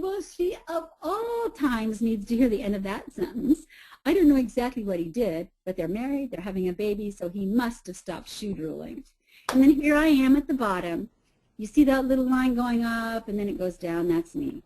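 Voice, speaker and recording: A middle-aged woman, giving a lively webinar talk as a speaking coach. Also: a little high, moderate pace, low-quality recording. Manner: lively, animated delivery that varies volume and pace. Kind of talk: webinar presentation.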